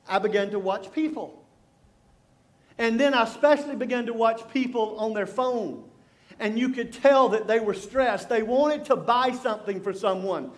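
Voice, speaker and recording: A middle-aged man preaching a sermon as a pastor, telling stories and shifting from loud humor to hushed, intense appeals. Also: sits high. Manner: storytelling, swings from loud jokes to hushed intensity.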